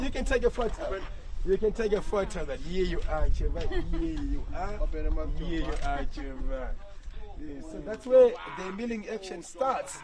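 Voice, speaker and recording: A man's voice: sits high, poor audio. A man guiding visitors around an elephant sanctuary outdoors, praising their photos and explaining the animals in an encouraging way. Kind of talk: live guided tour commentary. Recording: outdoor crowd chatter in background. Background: visitors chatting nearby.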